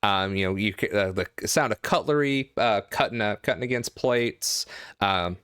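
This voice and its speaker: A man narrating a tabletop game as game master, halting with many fillers and restarts. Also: fairly low pitch, fairly bright tone, smooth, no echo, clean studio sound.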